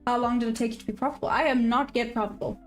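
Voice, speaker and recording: A chatty woman hosts a day-trading livestream, reading viewer comments aloud in a casual, upbeat way. Her voice sits fairly high, and she laughs often. Soft music plays faintly behind her. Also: steady tone, racing. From South Africa.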